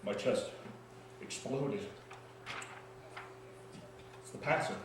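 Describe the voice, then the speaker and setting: An actor playing a freed male prisoner, shaken and awestruck, in an intense dramatic stage monologue with halting pauses, recorded in an echoey hall from a distance. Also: mid-range voice, noisy background, close to an everyday voice. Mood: haunted. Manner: intense, halting, heavy pauses between phrases.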